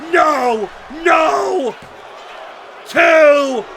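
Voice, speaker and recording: High-pitched man shouting wrestling commentary. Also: slow, over music. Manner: frantic, shouting, disbelieving outbursts. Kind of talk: excited play-by-play commentary. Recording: loud crowd and noisy venue. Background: cheering crowd.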